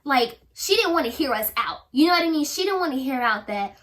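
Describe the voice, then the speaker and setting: A young woman vlogger telling personal stories in a candid, animated way, acting out what people said. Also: high voice, a little fast. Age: young adult. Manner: animated, candid storytelling with quoted voices. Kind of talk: storytime vlog.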